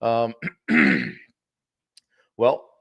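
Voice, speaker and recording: A man hosting a live-stream coaching talk, animated and often clearing his throat. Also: fairly low pitch, very slow, no room sound. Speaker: sales coach and show host.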